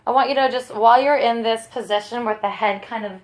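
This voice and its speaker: A young woman teaching a voice lesson, giving calm, encouraging coaching with many casual fillers. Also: a little high, fast talker, roomy sound.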